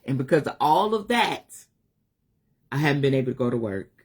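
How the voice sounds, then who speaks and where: A woman's voice: very deep voice, big pitch swings, a little fast, husky. A woman, talking heartfelt and unscripted on a livestream, weary at times, laughing at others, swearing freely. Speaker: spiritual life coach on a live stream. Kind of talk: emotional casual livestream monologue.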